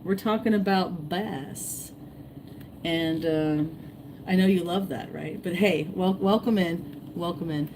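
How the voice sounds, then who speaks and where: A woman hosting a casual fishing livestream, rambling and repeating herself, her voice going hoarse as she greets viewers. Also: lowish voice, slow, background noise. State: losing her voice, clearing throat. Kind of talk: casual live-stream chat.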